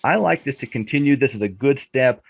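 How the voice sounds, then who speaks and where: A man on a trading show presenting chart setups in a relaxed, step-by-step way with friendly banter. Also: medium pitch, a little fast, vocal fry, dry recording. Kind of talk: casual chart analysis chat.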